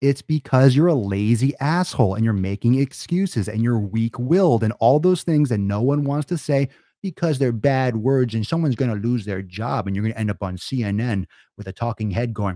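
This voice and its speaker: A man's voice: mid-range voice, normal speed, hardly any pauses, dark tone, no room sound, clean studio sound. A man ranting in a blunt, profane way, sometimes mocking whiny excuses in a silly voice. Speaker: fitness vlogger. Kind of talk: profane motivational rant.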